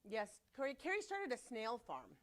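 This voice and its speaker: Bubbly bright-voiced Sunday school teacher. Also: female voice, fairly high pitch, wildly swooping pitch. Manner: bubbly, teasing, fast-talking. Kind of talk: children's class, lively and playful.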